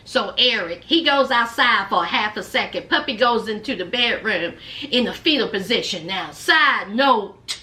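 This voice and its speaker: Animated woman recapping with sass. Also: a little high, unhurried. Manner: retells scenes by acting out both sides, sassy asides, drawled phrases. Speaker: reality TV recap host. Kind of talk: casual episode recap and commentary.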